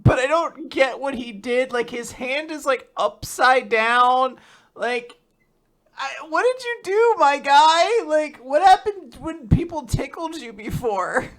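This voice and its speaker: A woman's voice: high voice, expressive, slow pace. A woman co-hosting a manga podcast, sarcastic and profane, mocking the characters in casual chat. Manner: sarcastic, swears and mocks characters. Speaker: podcast co-host.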